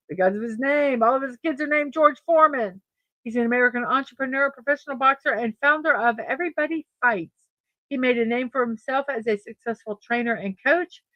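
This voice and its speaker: A woman's voice: a little high, a bit bright, dry recording. Chatty woman hosting a morning show. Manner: chatty, laughs often, stumbles over names. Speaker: host of a daily morning show. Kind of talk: casual chat reading birthdays and memes.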